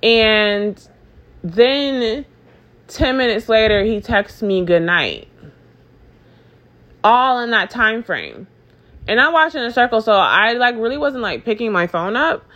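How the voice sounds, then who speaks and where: The audio is dull as a woman with a highish voice tells a rambling, profane storytime in casual chat, taking it slowly and pausing often. She uses plenty of fillers and animatedly performs both sides of the conversation.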